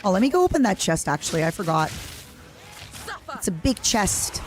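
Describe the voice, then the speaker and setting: A young woman with an Eastern European accent streams a game live, reacting excitably and chatting with viewers. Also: mid-range voice, moderate pace, over music. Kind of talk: live gaming stream chat.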